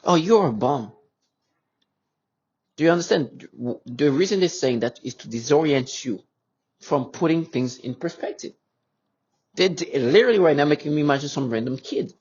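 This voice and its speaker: A man speaking in an agitated, unscripted monologue to his viewers, halting often with stammered restarts. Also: on the high side, lively intonation, a little mellow, husky, dull audio. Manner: agitated and insistent. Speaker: vlogger addressing viewers.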